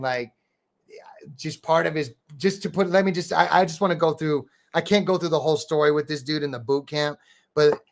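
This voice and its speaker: A man hosting a podcast, telling stories in a rambling, profane way, full of "bro" and "dude". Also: on the high side. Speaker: podcast host and rapper. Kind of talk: casual storytelling chat.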